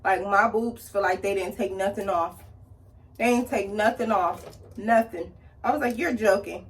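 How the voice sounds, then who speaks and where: A woman's voice: moderate pace, distant mic. A woman telling a story animatedly while doing her makeup, acting out the people in it. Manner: animated, acts out quoted people with big pitch jumps. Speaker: beauty vlogger.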